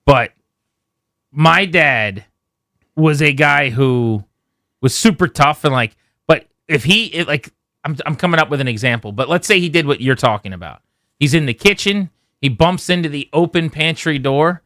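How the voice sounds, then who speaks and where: A man's voice: fairly high pitch, lively intonation, moderate pace, pushed and bright, no room sound, clean studio sound. A man hosting a sports radio show in casual chat, talking in a chatty way with frequent restarts. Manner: chatty, self-interrupting. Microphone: studio microphone.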